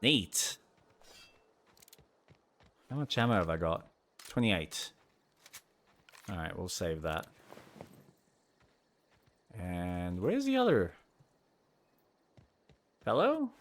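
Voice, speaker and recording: A gameplay streamer with a deep, sing-song voice rambles casually while he plays, talking very slowly and pausing often. He's chatty and reacts out loud to what happens in the game.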